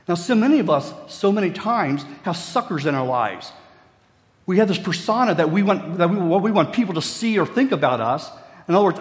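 A middle-aged male pastor preaches in a folksy, joking manner. His voice sits fairly high for a man. A long reverb trails behind him as in a church hall. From West Virginia, USA. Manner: folksy, storytelling, jokey asides. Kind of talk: sermon.

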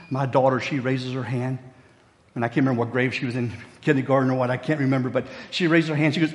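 A man's voice: medium pitch, fairly even intonation, quick pace, big-room sound. A middle-aged man from Virginia, preaching a sermon in a folksy storytelling way with jokey asides. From West Virginia, USA. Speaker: pastor.

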